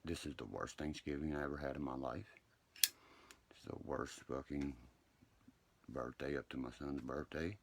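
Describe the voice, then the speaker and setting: Man, rough and low, who rants and then apologizes on a live stream. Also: fairly even intonation, normal speed, long pauses, a little hiss or hum. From West Virginia. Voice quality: deep gravelly voice. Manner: profane, agitated, swings between ranting and quiet apology. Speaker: social media live streamer. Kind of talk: rambling live-stream chat.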